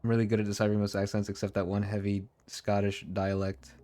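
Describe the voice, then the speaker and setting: A man's voice: on the low side, monotone, fast, dark tone. A man live-streaming a building game, chatting casually with his viewers and laughing often. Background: faint background music.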